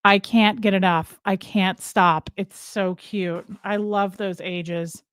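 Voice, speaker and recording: A woman's voice: mid-range voice, fairly even intonation, takes it slowly, fairly bright tone, clean tone, no room sound, clean studio sound. A woman hosting a casual livestream, rambling from topic to topic and greeting viewers by name. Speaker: livestream host. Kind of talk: casual live chat with viewers.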